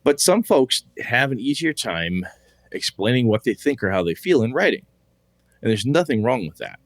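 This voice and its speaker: A man's voice: medium pitch, very animated, moderate pace, fairly bright tone, no echo. A man co-hosting a casual podcast, rambling and swearing freely as he reads listener mail. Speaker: podcast co-host.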